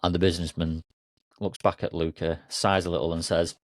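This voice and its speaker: A man coach telling a story in a relaxed, loose way with occasional fillers. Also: deep voice, a little fast, no echo. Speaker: coach and podcast host. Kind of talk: casual storytelling.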